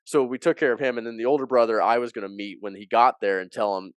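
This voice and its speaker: A man's voice: medium pitch, fast, clean tone, no room sound. A man, an athletic director, telling a story in an interview and animatedly acting out what people said. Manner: animated storyteller who acts out quoted dialogue.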